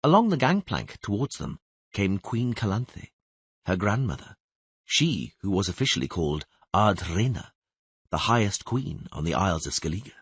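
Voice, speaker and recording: A man narrating a fantasy audiobook in steady, expressive storytelling. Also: fairly low pitch, normal speed, husky, dry recording. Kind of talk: scripted narration.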